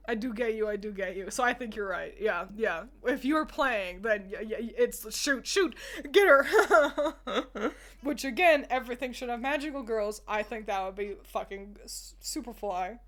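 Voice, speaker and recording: A young woman streamer with a mid-range voice and moderate pace chats casually with her viewers while ranking characters. She's giggly, laughs often, and talks directly to chat.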